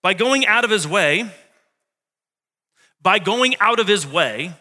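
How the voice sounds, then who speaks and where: A man's voice: high-pitched, lively intonation, takes it slowly, sharp tone. A male pastor preaching a Sunday sermon, conversational and joking, repeating key lines for emphasis. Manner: conversational, with humor and asides. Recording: long reverb of a hall.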